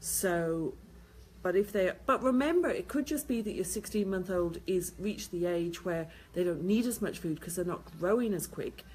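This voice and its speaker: A woman's voice: lowish voice, darkish tone, a little hiss or hum. Tired woman giving baby-sleep advice. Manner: plain practical advice, repeats points, reads questions aloud. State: tired, yawning. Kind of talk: answering viewer questions.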